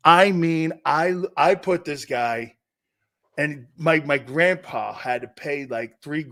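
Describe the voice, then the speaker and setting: A man hosting a sports talk show, telling rambling, animated stories with many restarts while standing. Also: a little high. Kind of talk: casual sports talk banter.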